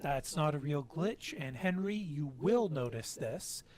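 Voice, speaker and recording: A man's voice: on the high side, lively intonation, a little slow, a little mellow. A man running a tabletop role-playing game as game master, talking in a rambling, hesitant way with many fillers.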